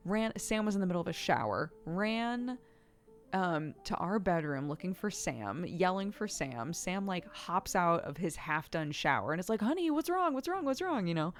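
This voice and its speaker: A woman's voice: on the low side, animated, normal speed. A woman streamer chatting casually, telling stories in a rambling, chatty way. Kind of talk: casual chat while gaming.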